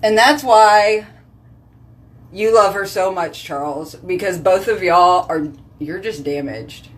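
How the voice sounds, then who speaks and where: A woman's voice: medium pitch, slow pace. A woman, chatting casually in a vlog, sassy and joking as she rambles. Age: 30s. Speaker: vlogger.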